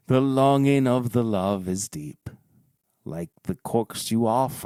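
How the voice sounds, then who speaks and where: A man reading a mock love letter aloud in a put-on English accent, slow and solemn. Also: low voice, warm tone, dry recording.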